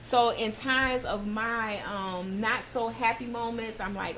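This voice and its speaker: A woman's voice: on the high side, measured pace, hardly any pauses, fairly bright tone, a little hiss or hum, low-quality recording. A woman hosting a talk show, telling a personal story in a heartfelt, encouraging way and motivating her listeners.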